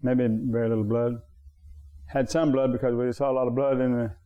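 A man preaching a sermon to his congregation, repeating phrases for emphasis and jumping up in pitch on his key points. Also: flat delivery, fairly quick, clear, resonant tone, dull audio. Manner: talks straight to the congregation. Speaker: pastor.

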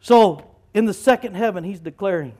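A male pastor preaching a lively sermon, rising to shouts as he quotes scripture. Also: high voice, moderate pace, poor audio.

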